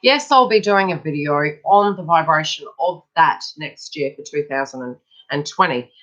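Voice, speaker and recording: A woman's voice: deep voice, moderate pace, fairly bright tone, dull audio. A woman giving a casual, chatty live tarot reading. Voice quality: chatty, breaks off to talk to people nearby. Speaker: psychic tarot reader.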